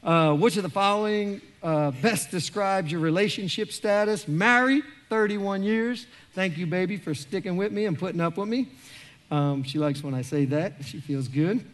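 A man, a pastor giving a joking, animated sermon in a large church. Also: high-pitched, moderate pace. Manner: animated, joking, acts out quoted voices.

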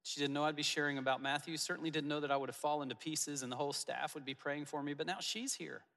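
A man preaching as a pastor, telling personal stories in an earnest way with soft asides. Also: a little high, steady tone, quick pace, long reverb tail. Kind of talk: sermon. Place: church auditorium.

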